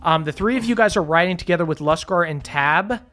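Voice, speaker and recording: A man's voice: fairly high pitch, brisk. A man narrating as game master of a tabletop game, hesitant with frequent ums. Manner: hesitant, lots of ums, relaxed.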